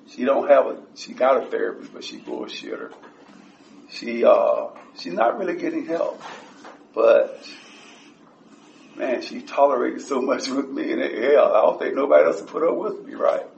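A man giving a blunt, profane personal share at a support meeting, his voice rising whenever he gets excited. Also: mid-range voice, creaky, slight background noise. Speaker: recovery group member sharing. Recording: echoey room, distant dull mic.

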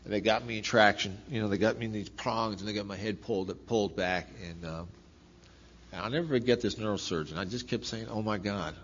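A man's voice: lowish voice, brisk. A middle-aged man tells his story in a loose, repetitive way, often breaking into laughter. The recording is dull and lo-fi, with a faint hiss underneath. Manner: rambling, animated, laughing often, repeats phrases. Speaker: speaker sharing recovery story. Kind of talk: personal testimony talk.

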